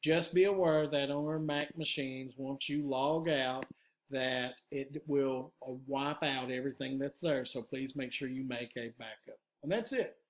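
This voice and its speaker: A man who is a teacher, giving a patient step-by-step software tutorial to his students, with frequent "uh" fillers. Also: medium pitch, measured pace, slight background noise. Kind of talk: screen-recorded software tutorial.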